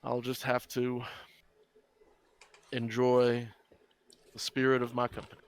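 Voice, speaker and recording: Brief: game master as a calm, soft-spoken spiritual man, mid-pitched. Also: slow, smooth. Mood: serene.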